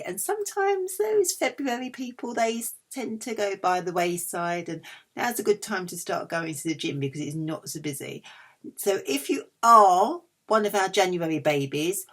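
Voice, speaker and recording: A woman's voice: lowish voice, a bit bright. A middle-aged woman chatting casually through a food haul, cheeky and self-mocking. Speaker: vlogger.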